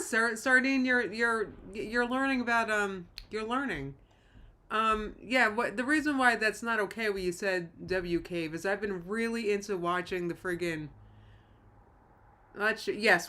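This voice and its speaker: A woman hosts a casual live stream with a bright, forceful voice. She talks in a rambling way, cuts herself off and restarts, and laughs often while reading chat comments aloud. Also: mid-range voice. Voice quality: rambling, self-interrupting. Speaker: livestream host.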